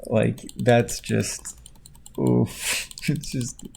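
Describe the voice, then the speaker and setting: A man chatting casually at his computer at home, tired, quiet and rambling, laughing often. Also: medium pitch, extremely slow, creaky, a little hiss or hum. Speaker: video creator. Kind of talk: casual chat while clicking at a computer. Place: at home indoors.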